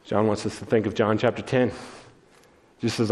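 A man preaching a sermon as pastor, moving between excited, raised passages and soft, hushed ones. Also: fairly low pitch, fairly quick. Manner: expressive, swings between loud excitement and soft hushed tones. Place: church sanctuary. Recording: long church reverb.

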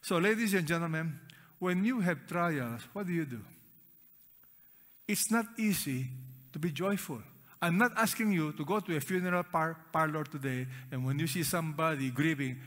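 In a large church auditorium with long reverb, a pastor preaches emphatically, repeating key words, questioning the congregation, and leading them in reading aloud. His slightly bright voice is on the high side, lively in intonation, at normal speed.

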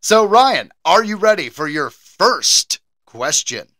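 An American man co-hosting a casual podcast, animated and quick to laugh as he runs a trivia game. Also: high voice, no room sound. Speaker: podcast co-host. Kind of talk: casual chat.

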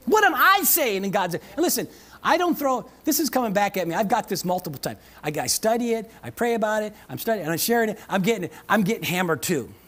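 A woman's voice: medium pitch, lively intonation, quick pace, a bit bright. A woman pastor preaching a sermon at a church service. She is emphatic, repeats key phrases, calls out to the congregation for a response, and slips in playful asides with a chuckle.

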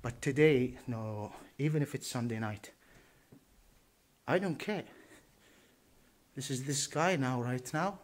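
A man with a mid-range voice speaks slowly, pausing often, while filming a nighttime noise dispute in shared housing. It's a handheld vlog of arguing and complaining, and he keeps repeating himself as he pleads.

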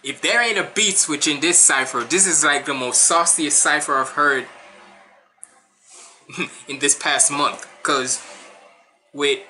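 A Caribbean man with a Jamaican accent reacting to a rap cypher, excited and chatty, often breaking into laughs. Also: on the high side, takes it slowly, long pauses. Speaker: reaction streamer.

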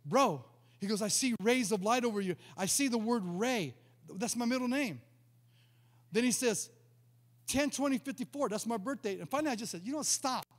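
Middle-aged male pastor, high-pitched, animated storyteller, church with long reverb. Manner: animated storyteller, acts out dialogue, repeats words. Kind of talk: sermon with storytelling.

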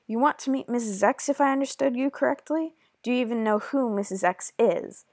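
A woman voicing a kind, secretive beekeeper woman in a game, speaking in a gentle, confiding way. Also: fairly high pitch, a little fast, no room sound, clean studio sound, voice pushed up.

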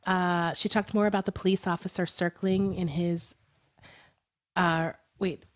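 A woman's voice: on the low side, steady tone, measured pace. Giggly woman hosting a true-crime podcast. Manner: giggly, chatty, reads quotes aloud. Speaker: podcast co-host. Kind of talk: casual true-crime chat.

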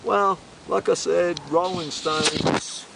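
A man's voice: high voice, steady tone, slow, creaky, very noisy. A middle-aged man being interviewed, rambling in a boisterous, swaggering and profane way. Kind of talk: rambling casual interview talk.

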